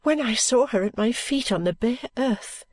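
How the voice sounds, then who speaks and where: A woman reading a novel aloud as a first-person audiobook narrator, with a calm, even storytelling delivery. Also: fairly high pitch, unhurried, no room sound. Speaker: audiobook reader.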